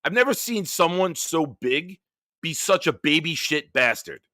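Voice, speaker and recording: A man's voice: on the high side, lively intonation, unhurried, bright, forceful tone, no echo, studio quality. A man hosting a live-stream sports chat, ranting profanely and heatedly, then chatting with viewers. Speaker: host.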